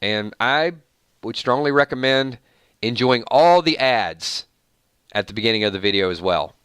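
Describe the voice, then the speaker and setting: A man's voice: medium pitch, lively intonation, moderate pace, fairly bright tone, clean tone, dry recording, clean studio sound. A man hosting a casual live stream, rattling off long lists of viewer names and thanking each one.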